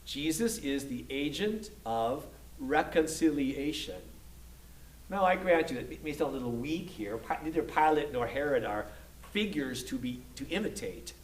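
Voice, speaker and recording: A man's voice: a little high, lively intonation, moderate pace, recorded from a distance. A man giving a scripture lecture to a class. He speaks unhurriedly, often restarting his sentences and checking in with "okay?" between points. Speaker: Bible study instructor. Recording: echoey room, voice from afar.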